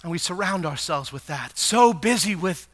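Man, pastor, sermon, high pitch, hushed questions then shouted exhortation. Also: lively intonation, moderate pace. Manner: rhetorical questions, emphatic preaching.

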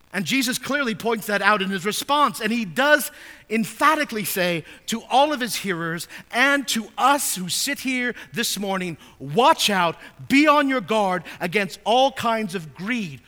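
A man preaching a sermon in a church sanctuary, his voice high and bright. He drops to hushed, low asides and then rises into loud, emphatic readings of scripture. The sound rings with the long reverb of a large hall. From United States. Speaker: pastor.

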